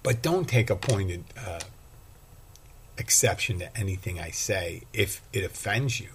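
Low-voiced rambling man podcasting solo. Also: unhurried, a little hiss or hum. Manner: rambling, self-deprecating, with restarts. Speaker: podcast host and bartender. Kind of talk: casual solo podcast monologue.

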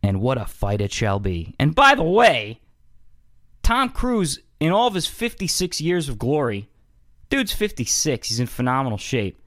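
A man hosting a podcast in a casual, joking monologue, animated and swearing freely. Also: a little high, dry recording, studio quality. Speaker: podcast host.

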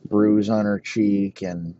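A man narrates a crude comic tale slowly and flatly, his voice sitting on the low side. The recording is dull and lo-fi with a faint background hum. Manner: profane, deadpan narration. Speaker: comedy podcast host. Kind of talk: improvised comic storytelling. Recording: muffled lo-fi recording.

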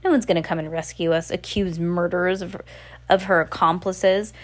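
A woman's voice: fairly low pitch, steady tone, normal speed, natural voice. A woman reading the lines of a worried, determined, inventive teenage girl from a storybook, with occasional stumbles.

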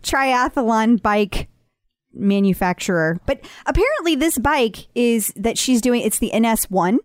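A woman co-hosting a podcast in casual chat, talkative and laughing often with quick asides. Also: on the high side, animated, no echo. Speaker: podcast co-host.

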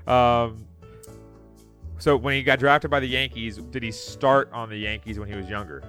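A man's voice: medium pitch, fairly even intonation, normal speed, fairly bright tone, soft background music. A young man co-hosting a podcast, bantering easily about sports and often laughing. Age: young adult. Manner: easygoing, laughing, trailing off. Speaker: podcast co-host. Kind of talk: casual sports chat.

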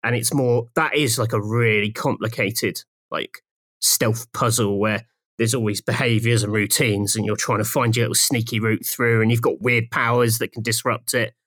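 A man's voice: medium pitch, steady tone, normal speed, a bit bright, no echo, studio quality. A man co-hosting a podcast, chatting casually and laughing often. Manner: laughs often, thoughtful game talk. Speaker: podcast co-host. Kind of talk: casual chat.

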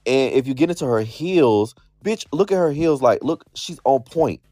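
A man's voice: medium pitch, normal speed, dry recording. A man co-hosting a podcast, chatting casually about a reality show and acting out his own reactions. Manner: expressive, swears, acts out his own reactions. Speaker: podcast co-host.

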